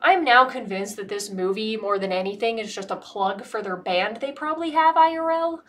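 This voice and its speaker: An American woman gives a loose, comedic movie review, her voice sitting a little on the high side. She is sarcastic and swears often, and she rambles from one joke to the next. She sounds a bit tipsy. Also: moderate pace, fairly bright tone. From United States. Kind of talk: casual comedic movie commentary.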